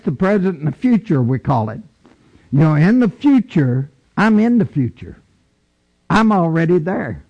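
A man preaching a sermon slowly and emphatically, repeating key phrases and booming when he reads scripture aloud. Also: big pitch swings, vocal fry, a little mellow, muffled recording.

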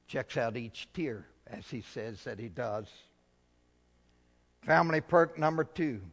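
A middle-aged man, a pastor, preaching a sermon, swinging from loud declarations to hushed, tender passages. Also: mid-range voice. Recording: hall reverb.

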